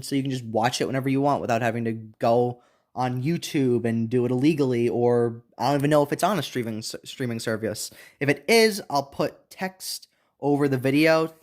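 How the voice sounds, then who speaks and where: A young man with a voice of ordinary middle pitch talks through his opinions on a show. He rambles loosely, doubling back on words and filling pauses with ums. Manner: rambling, many restarts and fillers. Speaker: anime reviewer. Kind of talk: casual unscripted review.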